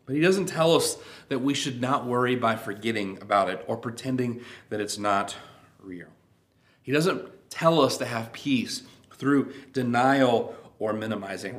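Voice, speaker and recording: A man preaching a sermon in a steady, middle-pitched voice. He reads scripture in a measured way and lets the ends of his phrases drop quietly. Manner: measured reading with falling phrase endings. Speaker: pastor.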